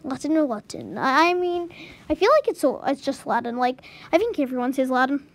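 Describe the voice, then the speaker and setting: A woman's voice: high-pitched, big pitch swings, brisk. A woman vlogging as she works through a language lesson, puzzled and giggly, sounding out new words to herself. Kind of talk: casual commentary while doing a language lesson.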